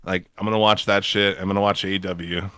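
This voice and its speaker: A man's voice: low-pitched, level tone, quick pace, a bit bright, clear, resonant tone, no echo, studio quality. A man in his thirties co-hosting a casual wrestling podcast, laid-back and profane, laughing often. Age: 30s. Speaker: podcast co-host.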